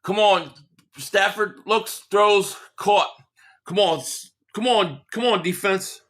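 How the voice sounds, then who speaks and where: A man with a high, fairly bright voice speaks slowly. He hosts a live sports reaction stream, reading viewer chats aloud while ranting heatedly and swearing a lot.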